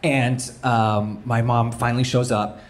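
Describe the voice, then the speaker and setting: A man from Canada, a stand-up comedian telling a story live on stage, animated, with his voice jumping up when he gets excited. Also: medium pitch, measured pace. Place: live comedy venue with audience.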